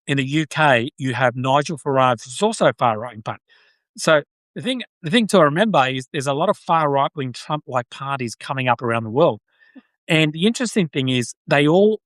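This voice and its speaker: A man's voice: fairly high pitch, expressive, normal speed, a bit bright, no room sound. A man with an Australian accent, hosting a live-stream podcast with political commentary. He talks off the cuff, restarts and repeats phrases, and thanks viewers by name. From Brisbane, Australia. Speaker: podcast host.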